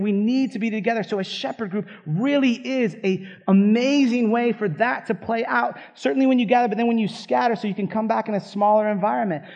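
Pastor guy preaching, talks high, gets all fired up, kinda chatty, slightly muffled audio. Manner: fired-up, conversational preaching with frequent asides. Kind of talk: sermon.

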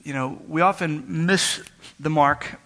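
A man's voice: a little high, slow pace, bright, forceful tone. A man telling a personal story in a sermon, earnestly acting out both sides of a phone call, with frequent restarts. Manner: earnest, retells dialogue with many restarts. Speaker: preacher.

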